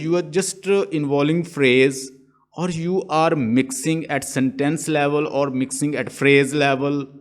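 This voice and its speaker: A man teaching a lesson, explaining step by step and often restarting his phrases. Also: on the high side. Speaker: English teacher. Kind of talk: online lecture.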